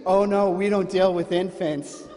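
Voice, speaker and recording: A man voicing a chatty young woman stranger on a plane, high and gushing, shrill when shocked, in a reverberant hall with faint noise. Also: steady tone, measured pace, dark tone, close to an everyday voice.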